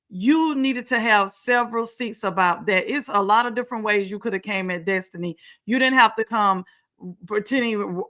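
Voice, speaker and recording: A woman's voice: mid-range voice, pushed and bright. A woman hosting her own talk show, giving emphatic, repetitive commentary with sarcastic asides. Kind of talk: casual commentary on reality TV. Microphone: home setup, screen sharing.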